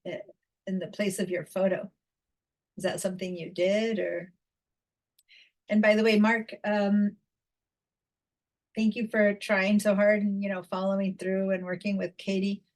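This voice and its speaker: A woman's voice: mid-range voice, little pitch movement, a little slow, pauses often, low-quality recording. A woman teaching a design class over a video call, chatty, with many fillers and restarts. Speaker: design instructor. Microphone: computer mic on video call.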